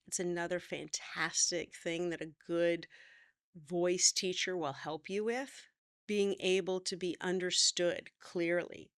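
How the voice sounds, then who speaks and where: A middle-aged woman acting teacher explaining voice work in a relaxed, conversational way. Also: fairly low pitch, no room sound, studio quality. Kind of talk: talking to camera, teaching.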